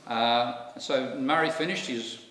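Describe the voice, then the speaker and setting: A man's voice: medium pitch, slow, sharp tone. An older man with an Australian accent giving a public lecture in a conversational way, with wry asides. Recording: echoey hall, mic at a distance.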